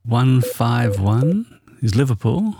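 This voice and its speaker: A man's voice: medium pitch, very animated, slow pace, mellow, breathy edge, no room sound, studio quality. A man from the UK co-hosting a casual music podcast, talking thoughtfully with hesitations. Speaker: podcast co-host.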